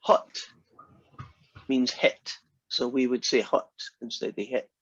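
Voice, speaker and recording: A man's voice: mid-range voice, fairly even intonation, unhurried, breathy edge, no room sound. Scottish guy teaching a math class, chatty, restarts a lot, dull lo-fi recording. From Scotland. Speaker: math lecturer. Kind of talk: classroom lecture.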